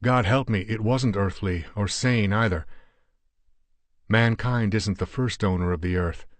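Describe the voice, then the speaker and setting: A man voicing a grim American adventurer who speaks in a somber, halting way. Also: lowish voice, no room sound.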